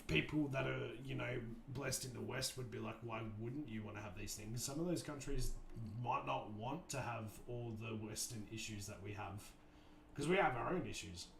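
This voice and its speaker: A man's voice: mid-range voice, creaky, sharp tone, slight background noise. Rambling man on a livestream, roomy echo. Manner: rambling, thoughtful, many restarts and fillers. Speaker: livestream host. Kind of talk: casual livestream chat. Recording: roomy echo, faint music behind.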